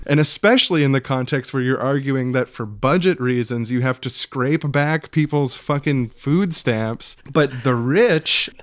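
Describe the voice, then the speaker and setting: A man's voice: medium pitch, a little slow, few pauses. A man with a mid-range voice debates politics in a casual, cutting tone, heavy on sarcasm and the odd swear word. The room is dry and close, with no echo.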